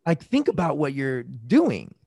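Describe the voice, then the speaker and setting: A man in casual conversation about relationships, animated, acting out quoted arguments in raised voices. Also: mid-range voice, measured pace, vocal fry, breathy edge, dry recording.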